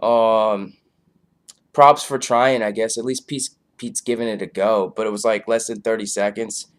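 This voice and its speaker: Laid-back, low-voiced man reviewing a show. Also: steady tone, normal speed. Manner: loose, filler-heavy, laid-back. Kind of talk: casual rambling review.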